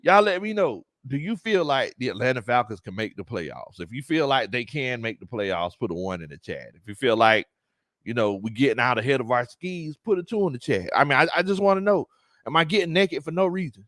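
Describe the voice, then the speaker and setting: A man's voice: medium pitch, sing-song, fairly quick, a bit bright, dry recording, studio quality. A man hosting a casual live-stream sports chat, reading viewer comments aloud and laughing often. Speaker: sports talk show host.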